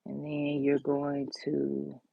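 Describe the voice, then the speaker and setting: A woman with a deep, low voice talks viewers through a nail art design in easy, encouraging chat. She speaks straight to the audience and slips into soft whispers at the detailed steps. The sound is dull and a little lo-fi, dry and close. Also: monotone, slow, gravelly, no echo. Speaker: nail tutorial host. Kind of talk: casual step-by-step tutorial chat.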